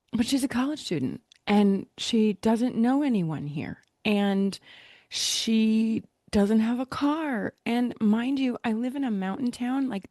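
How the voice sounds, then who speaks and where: A woman hosts a casual podcast chat, telling stories with real animation, slipping into little voices for the people in them and laughing easily. Her pitch sits in the middle of the range and the sound is close and dry. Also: dry recording. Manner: animated storyteller, acts out voices, laughs often. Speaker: podcast host.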